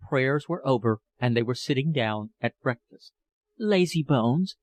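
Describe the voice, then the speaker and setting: A man narrating a novel as an audiobook in a measured, expressive reading. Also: medium pitch, no room sound.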